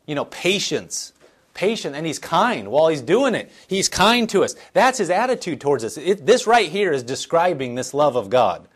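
A man's voice: a little high, very animated, normal speed. A middle-aged man preaching a sermon in a church, reading scripture aloud and explaining it in a conversational, earnest way with frequent restarts. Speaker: pastor.

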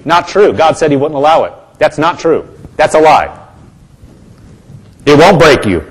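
Emphatic male preacher, slightly high voice. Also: animated, unhurried. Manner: emphatic and repetitive, calls for congregation responses. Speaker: pastor. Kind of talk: sermon.

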